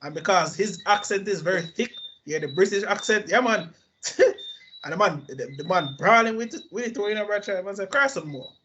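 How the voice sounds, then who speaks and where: High-voiced man, animated and laughing. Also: fairly quick. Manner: animated, laughing, profane storytelling. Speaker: podcast co-host. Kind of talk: casual chat. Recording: dull lo-fi audio with faint noise.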